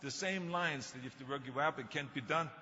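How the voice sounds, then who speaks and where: This older man's motivational speech, in a thick Austrian German accent, leans on storytelling and dry humor. He talks fast in a medium-pitched, sharp voice. The hall recording is muffled and carries a little hiss or hum.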